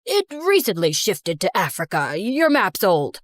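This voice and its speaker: A woman voicing a smug con man who poses as a foreign prince, speaking in a deep, drawling fake accent for an animated story. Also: a little slow, dry recording.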